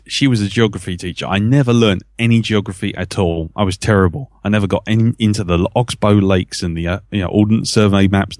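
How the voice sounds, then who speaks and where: Low-voiced joking man. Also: no echo, clean studio sound. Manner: joking, crude, chatty storyteller. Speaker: podcast host. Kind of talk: casual chat.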